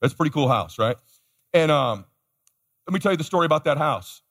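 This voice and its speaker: A man's voice: fairly high pitch, animated, brisk, fairly bright tone. A man giving a motivational keynote to a live audience, telling a story energetically and acting out the other people in it. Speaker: motivational speaker. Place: large conference hall. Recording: live hall with long reverb.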